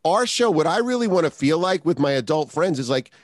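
A man's voice: fairly high pitch, expressive, fairly quick, no echo. A man guesting on a podcast, talking enthusiastically in casual chat, rambling with many restarts. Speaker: podcast guest, co-host of another show.

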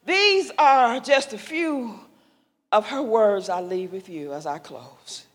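An older woman giving an impassioned, preacherly speech to young adults, rising to loud emphatic calls. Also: a little high, animated, takes it slowly. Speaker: speaker sharing a mother's wisdom. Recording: long echo of a large hall.

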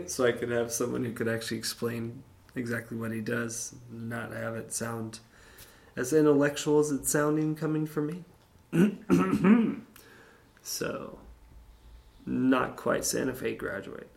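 Gravelly man rambling as a podcast host. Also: medium pitch, slow pace, long pauses, darkish tone. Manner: rambling, jokey, crude humor, chats to listeners. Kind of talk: casual rambling monologue.

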